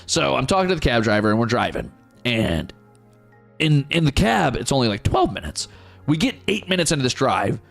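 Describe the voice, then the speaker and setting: A male streamer tells his chat a profane, excitable story at a brisk clip. His gravelly voice swings widely in pitch, with faint music in the background.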